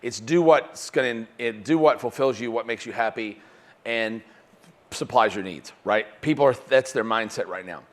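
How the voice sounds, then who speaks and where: A man's voice: medium pitch, normal speed. Guy running a sales seminar, fired up, keeps saying "right?", talks right to the crowd. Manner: animated, keeps asking "right?". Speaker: sales trainer. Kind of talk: live seminar talk.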